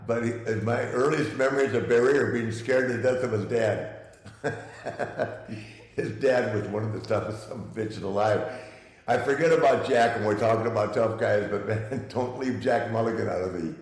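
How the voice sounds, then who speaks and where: A man's voice: fairly low pitch, moderate pace. An older man telling stories as an interview guest, chuckling and rambling as he restarts his sentences. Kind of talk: casual interview storytelling. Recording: echoey room.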